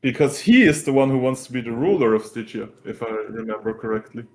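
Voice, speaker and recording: Male player, chatty, casual, mid-pitched voice. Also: animated, fast. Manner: chatty, keeps asking "right?". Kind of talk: casual tabletop game chat.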